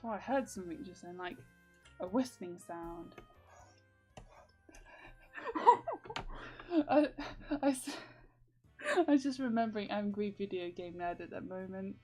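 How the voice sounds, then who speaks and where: A woman's voice: mid-range voice, lively intonation, slow, long pauses, a little mellow, faint music behind. Rambling, giggly young woman vlogger. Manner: rambling, lots of fillers, giggly. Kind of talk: casual chat to viewers.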